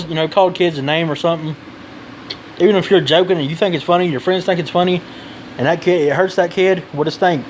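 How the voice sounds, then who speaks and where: A man's voice: fairly high pitch, a little hiss or hum, low-quality recording. A man giving blunt advice in a casual vlog, rambling and swearing freely.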